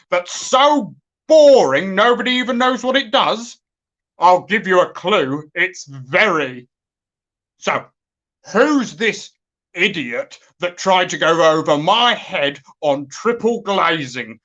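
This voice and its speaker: A nervous, weedy accountant, as a woman puts him on, stammers through a comic phone monologue. His voice sits a little lower than hers and moves in lively swings. He talks slowly and fawns over his boss. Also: dull audio, exaggerated voice. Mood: grumpy. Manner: stammering and fawning.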